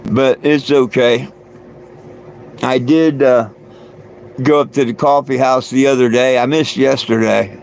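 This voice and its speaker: Slow, gravelly-voiced man rambling on a livestream. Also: mid-range voice, fairly even intonation, darkish tone, slight background noise. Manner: loose and meandering, many fillers and restarts, chuckles often. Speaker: livestream host. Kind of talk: rambling casual livestream chat.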